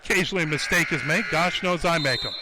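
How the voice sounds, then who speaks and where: A man calling live high school basketball play-by-play for radio, in a rapid running call that rises with excitement on shots. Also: background noise.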